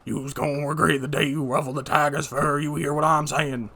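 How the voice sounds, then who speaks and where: A man's voice: a little high, level tone, a little fast, sharp tone, slight background noise. A man voicing a hot-tempered male loan shark with a put-on Brooklyn accent, talking in menacing tough-guy slang. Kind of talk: fan voice-over of a game.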